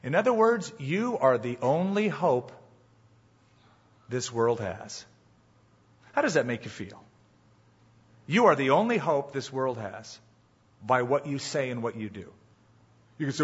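A man's voice: mid-range voice, animated, a little slow, pauses often, husky. A man preaching a sermon as a pastor in a church, emphatic and full of rhetorical questions to the congregation. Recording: dull, muffled live sermon recording.

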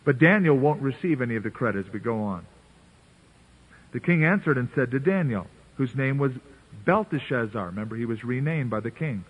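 Preacher on a tinny radio broadcast. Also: male voice, medium pitch, animated, fairly quick, slightly rough. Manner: earnest, conversational preaching with playful voicing of biblical characters. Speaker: pastor. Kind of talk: sermon.

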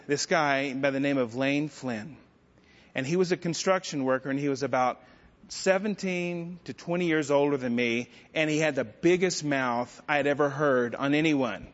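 A middle-aged male pastor preaching a sermon, telling stories with self-deprecating humor. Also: a little high. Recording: dull sound with long church-hall reverb.

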